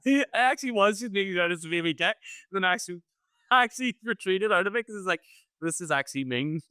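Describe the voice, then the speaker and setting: A man co-hosting a podcast, teasing his co-host in quick casual banter. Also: sits high, animated, bright, forceful tone, clear, resonant tone, no room sound. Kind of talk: casual reaction chat. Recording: no studio mic, recorded together in a room.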